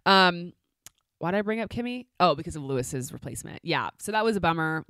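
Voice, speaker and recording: A woman's voice: lowish voice, lively intonation, a little fast, fairly bright tone, no echo, clean studio sound. A woman co-hosting a podcast, chatting casually and with energy, with lots of fillers and restarts. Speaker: podcast co-host. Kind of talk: casual chat recap.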